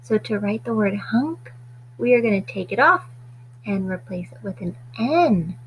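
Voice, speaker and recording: Slow, careful woman phonics teacher. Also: medium pitch, expressive, a bit bright, a little hiss or hum, low-quality recording. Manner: slow, deliberate, stretching out sounds. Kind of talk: phonics lesson for children.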